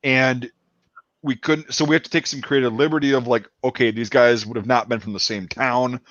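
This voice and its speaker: A man's voice: mid-range voice, fairly even intonation, normal speed, a bit bright, no echo, dull audio. A man talking casually about his film production, rambling with many fillers and restarts. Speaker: filmmaker discussing his production. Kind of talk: casual podcast chat.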